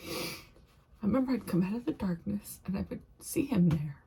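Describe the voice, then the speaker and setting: A middle-aged woman vlogger recounting a personal experience in a halting, emotional way, often repeating her phrases. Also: mid-range voice, gravelly, dark tone, husky.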